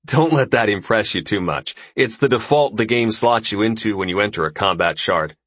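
A man's voice: on the low side, animated, normal speed, a bit bright, slightly rough, no room sound. A man doing a breezy, boastful young ruler. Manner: breezy, chatty, self-assured. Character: jovial young male ruler, boastful host. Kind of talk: audiobook character voice.

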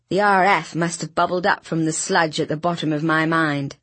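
A woman reading an audiobook in a brisk, wry storytelling manner, with a husky voice. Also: deep voice, fairly even intonation, a bit bright, dry recording. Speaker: audiobook narrator. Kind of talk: scripted narration.

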